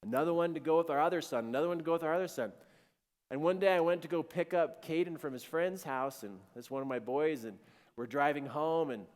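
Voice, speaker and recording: A middle-aged man telling a personal story in a playful, animated way, often laughing mid-sentence. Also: fairly high pitch. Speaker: speaker. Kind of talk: storytelling talk. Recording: echoey hall.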